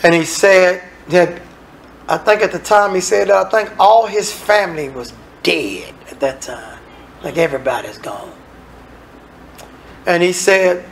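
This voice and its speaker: Lively gravelly-voiced man preaching. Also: high voice, normal speed, low-quality recording. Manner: animated, conversational preaching with dramatic asides. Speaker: minister. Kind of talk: sermon.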